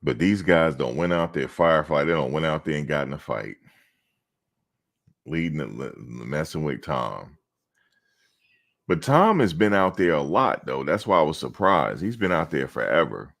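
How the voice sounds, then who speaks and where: Very deep gravelly male streamer. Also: sing-song, normal speed, fairly bright tone. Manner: rambling, loose storytelling, talks to chat viewers. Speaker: reaction streamer. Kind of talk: casual livestream chat.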